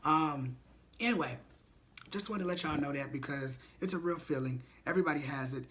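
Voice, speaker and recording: A vlogger giving life advice talks to camera with a fairly high, fairly bright voice at a fairly quick pace, over slight background noise. His casual motivational talk is chatty and candid, with casual swearing, and he calls his viewers y'all.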